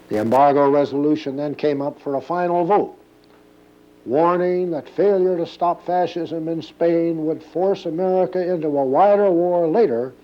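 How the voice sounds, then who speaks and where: A man narrating a documentary from a script in a measured, even way. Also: a little high, highs cut off.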